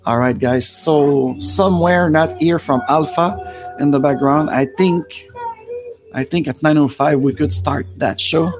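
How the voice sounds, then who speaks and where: Host, 40s, French-Canadian, Quebec French accent, rambling with fillers, soft music underneath. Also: male voice, a little high, unhurried. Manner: rambling, many fillers and restarts. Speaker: livestream host. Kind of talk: rambling live-stream talk.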